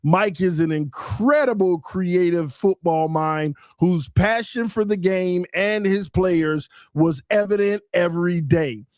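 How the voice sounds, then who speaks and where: A high-pitched man hosting a live sports talk stream, loud and excitable, looping back over the same lines in heavy slang. His voice sits close and dry on the mic, with no room around it. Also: takes it slowly, hardly any pauses, dry recording. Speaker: podcast host.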